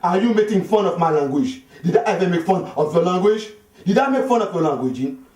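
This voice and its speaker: Brief: comic doing an insulted African man, loud and high, heavy accent, echoey distant room. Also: expressive, brisk. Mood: indignant. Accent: African English. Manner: indignant, repeating questions. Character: offended African classmate, indignant and scolding.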